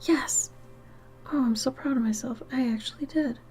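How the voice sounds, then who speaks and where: A tired woman chatting casually with viewers while she draws on a livestream, soft-spoken and often dropping into half-whispered asides. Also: high voice, normal speed, slightly rough, soft background music. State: tired, yawning. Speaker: art livestreamer. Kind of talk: casual chat while drawing on stream.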